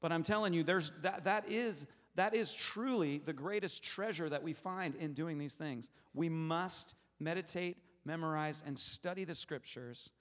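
A man preaching a sermon who leads a scripture meditation, speaking earnestly and emphatically and dropping to a slow, soft hush for the guided parts. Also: on the high side, long reverb tail. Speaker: pastor.

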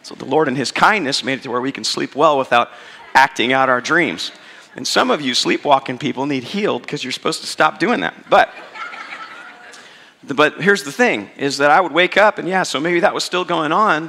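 A man with a fairly high, gravelly voice preaches a sermon. He tells stories in a lively, conversational way and acts out the voices in his quotes. His voice rings out with a long reverb in a church hall. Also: a little fast. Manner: storytelling, animated and conversational, acting out quotes. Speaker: pastor.

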